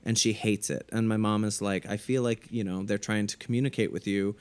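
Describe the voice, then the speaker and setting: A man on a podcast panel, chatting in an animated way and laughing often. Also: lowish voice, brisk, clear, resonant tone. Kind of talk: casual chat.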